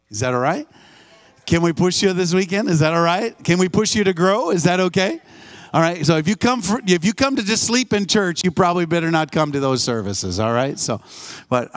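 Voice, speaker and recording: A man preaching a live church sermon, emphatic and repetitive, calling out to the congregation. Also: mid-range voice. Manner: emphatic, call-and-response, repeats phrases. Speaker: guest preacher. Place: church sanctuary.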